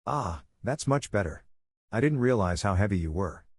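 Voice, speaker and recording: A man's voice: on the low side, lively intonation, moderate pace, husky, dry recording, clean studio sound. A man voicing a cocky, oblivious teenage boy with a steel body, talking in a brash, careless way.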